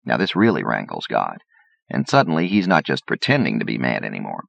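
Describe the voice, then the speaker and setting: Gravelly, very deep-voiced male narrator. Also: huge pitch swings, fast talker, no echo. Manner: folksy, wry storytelling. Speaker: audiobook reader. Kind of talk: scripted narration. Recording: dull lo-fi audiobook recording.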